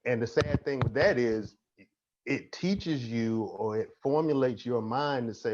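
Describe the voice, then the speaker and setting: A man's voice: medium pitch, unhurried, a little mellow. A man speaking as a counselor on a panel, emphatic with a repetitive, preacher-like cadence. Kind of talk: panel discussion. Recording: dull lo-fi audio with faint noise.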